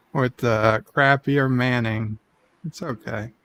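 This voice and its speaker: A man's voice: medium pitch, steady tone, slow pace, fairly bright tone. A man co-hosting a podcast, chatting casually and cracking dry, wry jokes. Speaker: podcast co-host. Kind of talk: casual chat.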